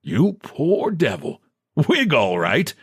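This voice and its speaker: A man's voice: on the high side, huge pitch swings, takes it slowly, a bit bright, husky, no echo, studio quality, voice pushed up, full character voice. A man voicing a breezy, patronizing bank president. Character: smooth, condescending male bank president.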